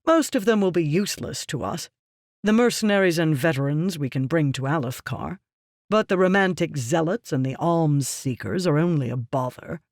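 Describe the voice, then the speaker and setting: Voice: mid-range voice, expressive, moderate pace, no room sound, clean studio sound, natural voice. An audiobook reader voicing a ruthless, scheming merchant man who talks down to others in a curt, lecturing way. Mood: dismissive. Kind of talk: audiobook character reading.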